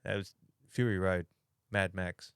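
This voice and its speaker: Smooth-voiced Australian man, rambling chat. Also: low voice, steady tone, measured pace, no room sound, studio quality. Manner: rambling, restarts often. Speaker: podcast co-host. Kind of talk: casual chat.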